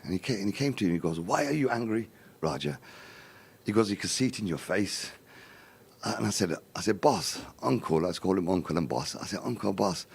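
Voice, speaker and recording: Brisk and very low-voiced, gravelly and husky, a middle-aged Birmingham man shares his life story during a live charity appeal. He jumps into character for quoted dialogue and keeps repeating tics such as "right, in here."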